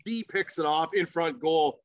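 He's a former professional hockey player appearing on a podcast, telling stories casually at a measured pace in a slightly high voice, lively, profane, and laughing throughout. The sound is lo-fi and has no room sound.

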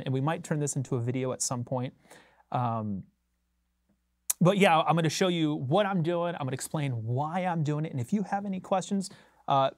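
A relaxed man chats with his livestream viewers in a loose, rambling way, chuckling between thoughts. His voice sits a bit higher than most men's and comes across close and dry, with hardly any room sound. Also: no room sound. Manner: laid-back, rambling, chuckles often. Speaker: bassist hosting a livestream. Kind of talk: casual livestream chat with viewers. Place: recording studio.

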